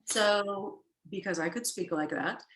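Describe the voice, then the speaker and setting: A middle-aged actress, a guest in a casual interview, telling stories in a rambling, self-correcting way and laughing easily. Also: female voice, mid-range voice, measured pace, fairly bright tone. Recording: echoey room.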